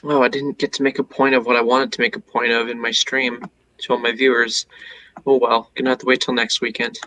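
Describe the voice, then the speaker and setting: Bright-voiced man in easy stream chat. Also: mid-range voice, flat delivery, brisk, rough recording. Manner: easygoing, hedging with fillers. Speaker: fellow streamer guest. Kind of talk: casual livestream chat. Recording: faint background noise.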